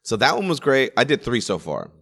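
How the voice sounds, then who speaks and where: A man who works as a stand-up comedian, telling a story in casual chat, animated and full of restarts. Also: mid-range voice, fairly quick, creaky. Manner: animated, acts out quoted voices, many restarts and laughs.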